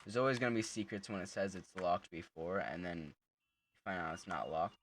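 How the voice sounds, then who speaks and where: A young man with a low-pitched voice talks briskly in casual let's-play commentary of a horror game. He jokes around, teasing the monster and laughing a lot.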